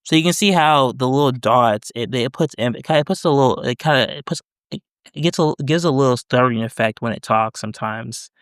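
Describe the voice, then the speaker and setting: Rambling man with a smooth voice. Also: mid-range voice, a little fast, dry recording, clean studio sound. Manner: rambling, many fillers and self-corrections. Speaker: developer demoing voice prompts. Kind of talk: casual screen-recorded tutorial.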